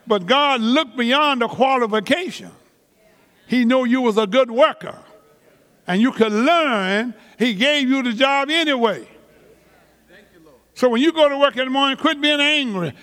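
Pastor, male, high voice, deliberate preaching pace, reverberant church sound. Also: fairly bright tone. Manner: slow, emphatic preaching with drawn-out words and repetitions; colloquial vernacular grammar. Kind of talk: sermon.

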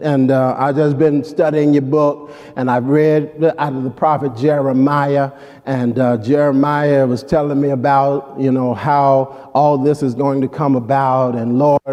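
A man's voice: on the high side, mellow. A male pastor preaching a sermon, with repeated call-outs to the congregation and rhetorical questions. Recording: long hall reverb.

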